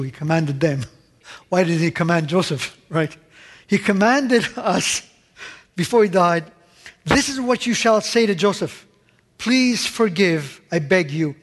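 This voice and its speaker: A man delivering a sermon in a high, bright-sounding voice, breaking in with quick questions to his listeners. His voice rings with a long reverb from a large hall. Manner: animated, rhetorical asides asking the audience. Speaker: preacher.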